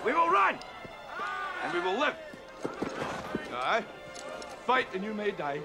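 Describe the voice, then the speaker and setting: A rebel chief rallying his army in a film clip, his voice soaring high and swinging widely as he builds to shouts. His delivery is drawn-out and deliberate. A film score swells clearly behind him, with hoofbeats. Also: huge pitch swings, full character voice. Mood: rousing. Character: Scottish rebel leader rousing an army. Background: film music and horses.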